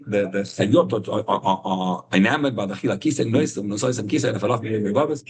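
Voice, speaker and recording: A man teaching an informal Torah class over a video call, telling stories with rising, excited emphasis. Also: racing, few pauses, breathy edge, poor audio. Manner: animated storytelling, rising to high excited emphasis.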